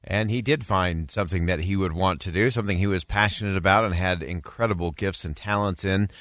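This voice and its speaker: A man hosting a show, introducing clips in a relaxed manner with frequent fillers. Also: sits low, brisk, dry recording, studio quality. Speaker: host. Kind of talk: casual commentary.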